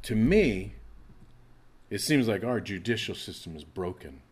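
A man's voice: lowish voice, very animated, unhurried, darkish tone, breathy edge. A middle-aged man, a pastor, preaching a sermon and acting out anguished prayers with rising intensity.

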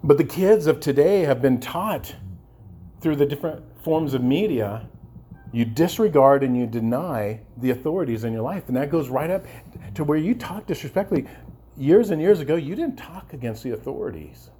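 Passionate male preacher, mellow husky voice. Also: a little high, animated, normal speed. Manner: passionate, repeats words and restarts, asks the congregation "amen?". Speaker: pastor. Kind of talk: sermon.

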